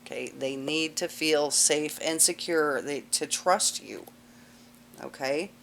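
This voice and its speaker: A woman's voice: deep voice, takes it slowly, fairly bright tone, slight background noise. A woman teaching a cosmetology class in a casual, chatty lecture with lots of fillers. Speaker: cosmetology instructor.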